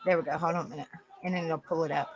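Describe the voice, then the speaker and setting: A woman's voice: low voice, fairly even intonation, racing, lo-fi sound, background noise. A woman hosting a casual livestream panel, folksy and exclamatory, chatting with viewers while she types.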